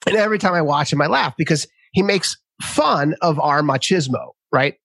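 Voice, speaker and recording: Lively man in his fifties hosting. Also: on the high side, normal speed, vocal fry, dry recording. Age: 50s. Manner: lively storyteller who acts out quotes in raised voices. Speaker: podcast host. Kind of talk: conversational interview.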